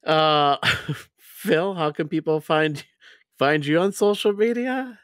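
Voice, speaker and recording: Male podcast host, casual and upbeat, animated pitch, dry close sound. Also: takes it slowly, clear, resonant tone, dry recording. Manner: upbeat, chatty sign-off with fillers.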